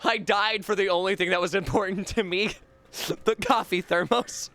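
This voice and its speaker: A young man giving excitable live gameplay commentary, swearing a lot and making jokey asides. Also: high-pitched, moderate pace. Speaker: streamer playing a horror game.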